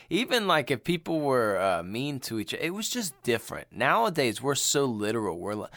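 A man's voice: mid-range voice, brisk, dry recording, clean studio sound. A man co-hosting a casual podcast, chatting about an old movie and acting out lines with lots of laughter. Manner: animated, laughs often, acts out movie lines. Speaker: podcast co-host.

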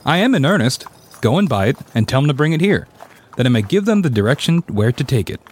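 A man's voice: mid-range voice, very animated, quick pace, darkish tone, slightly rough. A man playing an elderly reformed miser, exuberant and generous, in a dramatic story reading. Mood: giddy. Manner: exuberant, swooping delivery with mock-stern turns.

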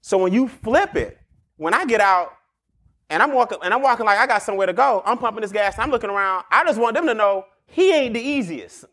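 A man hosting a show, giving street-wise motivational advice in an animated way, laughing often and acting out quick exchanges. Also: high-pitched. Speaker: podcast host.

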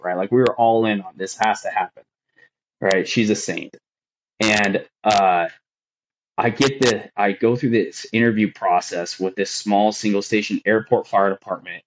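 Earnest low-voiced man telling his story. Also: lo-fi sound, slight background noise. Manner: earnest, rambling, emotional retelling with lots of fillers. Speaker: firefighter guest. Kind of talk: candid podcast storytelling.

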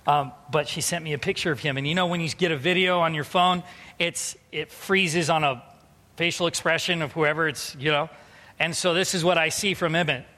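A man in his thirties delivers a sermon in a high voice that carries through a large hall with a long trailing echo. He tells personal stories and moves between hushed, reflective passages and loud, emphatic exhortation. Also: fairly even intonation, fairly quick. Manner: storytelling, swinging between quiet reflection and loud emphatic preaching. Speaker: pastor.

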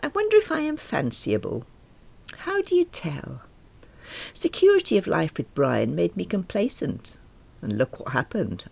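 Wry woman narrating, gravelly. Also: rumbling low, darkish tone. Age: middle-aged. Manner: wry and self-deprecating. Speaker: audiobook narrator. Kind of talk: first-person audiobook narration.

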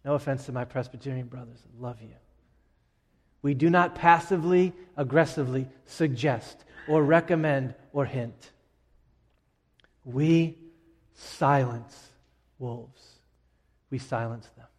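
A middle-aged man preaching a sermon as pastor, emphatic, with dramatic pauses and swings from loud to hushed. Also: mid-range voice, fairly even intonation. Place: church sanctuary. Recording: long reverb of a large hall.

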